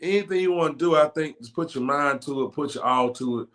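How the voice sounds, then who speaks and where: A man's voice: a little high, fast talker, fairly bright tone. A man hosting an interview, laid-back and rambling with slang. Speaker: host. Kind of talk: casual interview chat.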